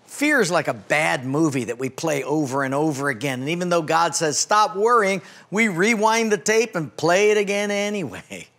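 A man's voice: on the high side, animated, normal speed, few pauses, fairly bright tone. A man preaching as a pastor, telling a humorous story and acting out its characters in a folksy way. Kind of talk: sermon with storytelling.

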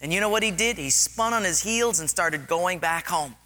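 A man preaching a sermon, telling stories with lively acted-out scenes. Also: high voice, normal speed, in a large hall. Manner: animated storytelling, acts out scenes.

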